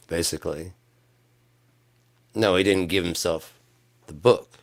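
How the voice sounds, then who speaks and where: A man with a low voice speaks at a slow pace while chatting on a live stream about music practice. Rambling and sarcastic, he sometimes switches into mock-angry yelling.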